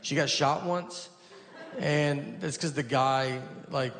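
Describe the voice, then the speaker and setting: A man doing a stand-up comedy set on a stage, telling stories in a dry, deadpan way over audience laughter. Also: a little high, slow, vocal fry. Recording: live audience noise behind.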